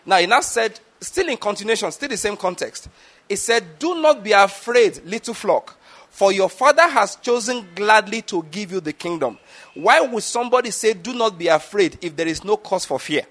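A man's voice: high voice, expressive, moderate pace, a bit bright. A man, preaching a teaching sermon and often checking that the listeners follow. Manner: asks the audience questions, repeats words. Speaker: pastor.

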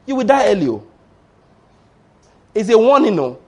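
A man preaching a sermon, animated and acting out the voices of people in his stories. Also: high-pitched, moderate pace. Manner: animated, acts out voices of Satan and church members.

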